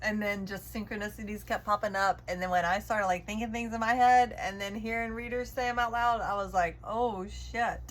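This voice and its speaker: A woman's voice: medium pitch, level tone, brisk, hardly any pauses, a little hiss or hum, low-quality recording. A woman giving a chatty, encouraging spiritual tarot reading, often checking in with the listener. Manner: encouraging, chatty, keeps asking "okay?". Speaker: tarot reader.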